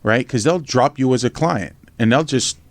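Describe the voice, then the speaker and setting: In a casual interview on a dry recording, a middle-aged podcast host and memoir writer from Norristown, Pennsylvania, USA, shares his life story with a mid-range voice at moderate pace. Animated and blunt, he swears freely, acts out quoted voices and frequently tosses in "right?"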